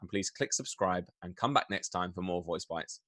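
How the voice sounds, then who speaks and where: A man hosting a short interview, friendly and brisk in how he talks. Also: low-pitched, animated, a bit bright, no room sound, studio quality. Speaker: host.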